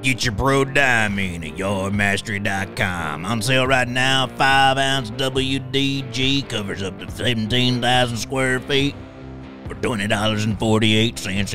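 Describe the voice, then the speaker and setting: A man putting on the voice of a pushy radio ad announcer, loud and drawn-out in a hard sell. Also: lowish voice, close to an everyday voice.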